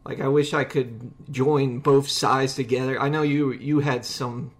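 A man's voice: mid-range voice, measured pace. Rambling, chatty man telling a story. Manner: rambling, animated storyteller with many restarts. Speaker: podcast host. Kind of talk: casual conversation.

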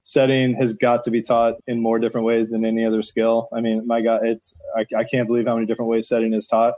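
Fast-talking emphatic male volleyball coach. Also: medium pitch, dry recording, dull audio. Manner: energetic, emphatic, lots of "like" fillers. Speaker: national team setting coach. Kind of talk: podcast interview.

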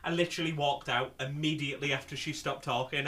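A woman's voice: sits low, steady tone, a bit bright. A woman, a guest on a podcast, chatting casually and laughing often. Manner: giggly, quick to laugh. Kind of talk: casual chat.

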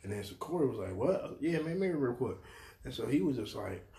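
A man's voice: medium pitch, very animated, fast talker, mellow, roomy sound. A man, a pastor and podcast co-host, telling a story in casual chat and acting out the voices of people he quotes.

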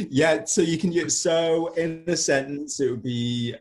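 A man's voice: fairly high pitch, slow, long pauses, darkish tone. A man with a Liverpool Scouse accent chats casually as a podcast host. He laughs often and drops in the odd swear word. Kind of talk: casual chat.

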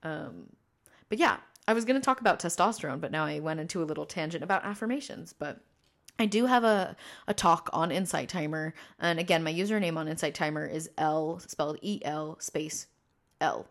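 Hosting his own podcast, a trans man in his early twenties talks in a meandering way, restarting often and drifting into tangents amid many fillers. His self-trained voice is fairly high, with a brisk, gravelly and fairly bright tone.

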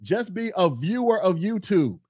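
A man doing a casual commentary podcast from his desk at home, blunt and mocking with loud bursts. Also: sits high, big pitch swings, normal speed, breathy edge, dry recording, studio quality.

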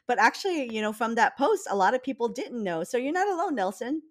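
A woman's voice: a little high, big pitch swings, fast. A woman co-hosting a food podcast, chatting casually and playfully, laughing often. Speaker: podcast co-host. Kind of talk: casual chat.

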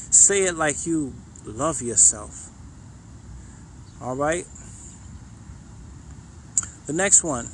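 A man's voice: mid-range voice, animated, slow, long pauses, a bit bright, slight background noise, low-quality recording. A man coaching faith and fitness, leading guided affirmations in a casual, encouraging way with lots of repetition. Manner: encouraging, repetitive, says "you know what I'm saying" a lot; casual, conversational.

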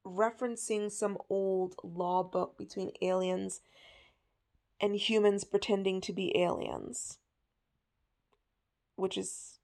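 A woman's voice: mid-range voice, gravelly. A woman hosting a podcast, telling a story in a casual, chatty way with lots of fillers. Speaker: podcast host.

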